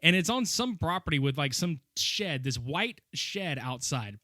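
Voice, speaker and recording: A man chats on a podcast, tearing into an old training video with loose, profane enthusiasm. His voice is bright and swings widely in pitch. The sound is dry and close, with no room echo. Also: unhurried. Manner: profane, animated, laughs a lot. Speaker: podcast co-host. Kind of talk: casual movie-riffing chat.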